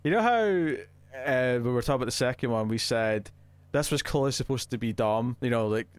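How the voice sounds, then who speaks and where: Male podcast co-host, mid-pitched, chatty and hesitant, dry close-mic sound. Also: expressive, fairly quick, dry recording. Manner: chatty, hesitant with frequent restarts. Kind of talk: casual film review chat.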